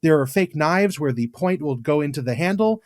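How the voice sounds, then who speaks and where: English guy on a podcast, blunt, swears a lot, slightly high voice, dry sound. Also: animated, no echo. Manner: blunt, swears freely, quick to dismiss. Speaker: podcast co-host. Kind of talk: casual chat.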